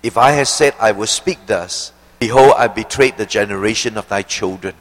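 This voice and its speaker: Man preaching in a reverberant hall. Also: on the low side. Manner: expository, rhetorical questions, slow emphatic phrases. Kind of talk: sermon.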